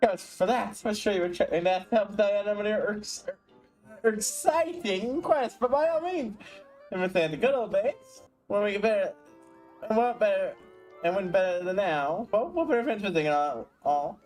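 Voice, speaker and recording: A man's voice: sits high, animated, normal speed, a little mellow, faint music behind, pitched above the performer's own voice. A man voicing a chatty female game character while reading the game's dialogue aloud. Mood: teasing.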